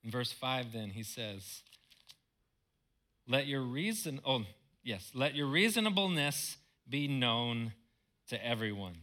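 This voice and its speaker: Bright-voiced man preaching a sermon. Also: mid-range voice, animated, slow, pauses often. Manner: earnest, repeats words when emphasizing. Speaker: pastor.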